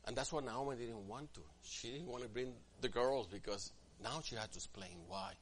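A man preaching a sermon as pastor, swinging from quiet asides to loud, emphatic passages and acting out what church members say. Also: medium pitch, moderate pace, slight background noise. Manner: acts out quoted church members in different voices.

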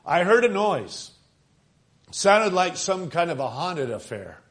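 A man preaching a sermon, retelling a story with dramatic slowing and rising for emphasis. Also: sits high, big pitch swings, fairly bright tone.

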